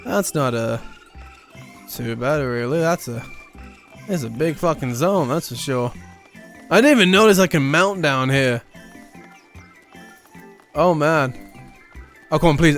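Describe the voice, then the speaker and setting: A man streaming a video game in a high, very lively voice that jumps up and down constantly. He chats loosely and swears freely, dropping to muttered asides between bursts of excitement. Faint game music plays behind him. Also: measured pace, long pauses. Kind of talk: casual game commentary, reading lines aloud.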